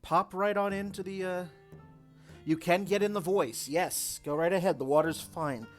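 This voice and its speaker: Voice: medium pitch, normal speed, soft background music. A streamer hosting an online board game night, cheerful and playful as they welcome and chat with players. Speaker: streamer and host.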